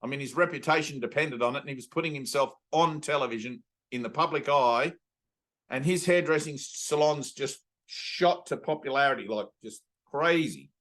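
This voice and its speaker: A man's voice: mid-range voice, normal speed, a bit bright. A man, a spiritual teacher giving a satsang talk over a video call, telling rambling stories and slipping into playful voices. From Australia.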